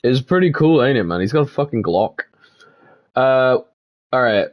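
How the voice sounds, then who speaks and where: Brief: male gaming commentator, animated, swings his pitch around, laughs often and swears freely, reads text aloud between reactions. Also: normal speed, muffled recording. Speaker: gaming video creator.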